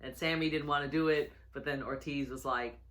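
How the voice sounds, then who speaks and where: Bright-voiced, chuckling casual reviewer. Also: mid-range voice, steady tone, a little fast. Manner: rambling, with many fillers and restarts and frequent chuckles. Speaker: wrestling show reviewer. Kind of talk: casual episode recap.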